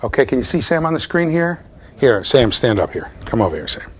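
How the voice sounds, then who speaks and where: Middle-aged male lecturer, lively sing-song delivery, playful, demonstrates with students in a big hall. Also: medium pitch, fairly quick. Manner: animated, playful, addresses students directly. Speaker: university lecturer. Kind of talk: classroom lecture with live demonstration.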